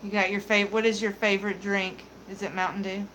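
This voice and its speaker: A woman's voice: medium pitch, flat delivery, fairly quick, fairly bright tone, a little hiss or hum, rough recording. A young adult woman hosting a beauty livestream, chatting casually with viewers in a giggly, candid, joking way. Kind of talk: casual livestream chat, reading viewer comments.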